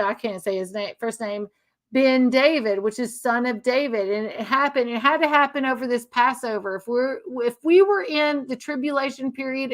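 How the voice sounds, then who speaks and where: A woman's voice: a little high, fairly bright tone. A woman talking earnestly in an unscripted monologue, repeating herself and restarting sentences often. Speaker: speaker sharing religious views. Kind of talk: casual emotional monologue.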